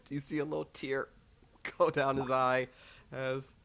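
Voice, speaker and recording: A man's voice: mid-range voice, level tone, slow, gravelly, fairly bright tone. A man narrating as dungeon master of a tabletop game, laughing often as he narrates.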